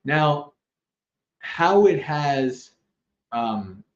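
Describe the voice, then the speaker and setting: A man teaching Dhamma on a livestream, telling a story with lively asides and frequent laughs. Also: fairly high pitch, very slow. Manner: animated storyteller, laughs often, loose asides. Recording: roomy, slightly dull livestream audio.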